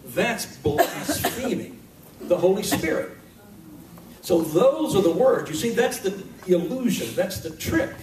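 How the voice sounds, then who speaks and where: A man preaching a sermon to his congregation in a conversational, emphatic way, with pauses for effect. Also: high-pitched, very animated, background noise. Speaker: pastor. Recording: echoey hall recording from far off.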